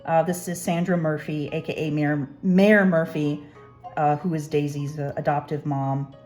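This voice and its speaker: A woman's voice: low-pitched, steady tone, normal speed, a little mellow, soft background music. A young woman artist casually talking through her sketchbook pages, rambling and self-deprecating. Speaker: artist, channel host. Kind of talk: casual sketchbook tour narration.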